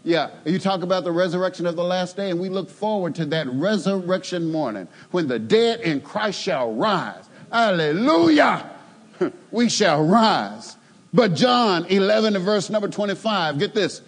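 A male preacher with a high-pitched voice delivers a sermon at a moderate pace. He moves from steady exposition up to loud, emphatic, fervent peaks.

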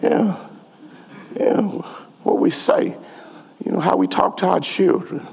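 A man's voice: sits high, huge pitch swings, takes it slowly, gravelly, breathy edge. A man preaching a sermon as pastor, repeating phrases and calling out to his congregation. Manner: repetitive call-and-response preaching. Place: church sanctuary. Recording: long church reverb.

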